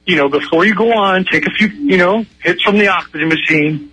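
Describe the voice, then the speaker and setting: Joking bright-voiced man calling in. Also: sits high, breathy edge, rough recording. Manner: playful, self-mocking, quick asides. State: morning voice after an overnight flight. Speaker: musician calling in to a radio show. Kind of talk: joking phone-in chat.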